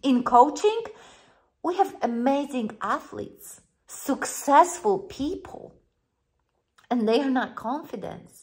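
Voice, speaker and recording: A woman's voice: high voice, animated, slow. A woman life coach, speaking English as a second language, giving an earnest, encouraging motivational talk straight to her viewers. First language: not English. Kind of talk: motivational monologue to camera.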